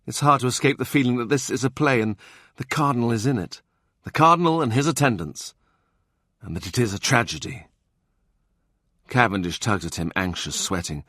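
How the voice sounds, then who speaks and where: Expressive male audiobook narrator. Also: mid-range voice, fairly quick, long pauses, no room sound, clean studio sound. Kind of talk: scripted narration of a historical novel.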